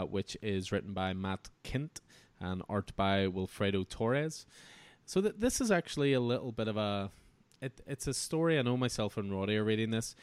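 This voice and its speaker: A man hosting a casual comic book podcast, relaxed and chatty, laughing often. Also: on the low side, clear, resonant tone, dry recording. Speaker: podcast host.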